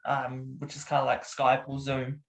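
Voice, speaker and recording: A man's voice: mid-range voice, monotone, moderate pace, low-quality recording. A young man with a New Zealand accent, a comedian chatting easygoingly in an interview over a video call. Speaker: comedian and voice impersonator. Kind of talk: casual interview talk.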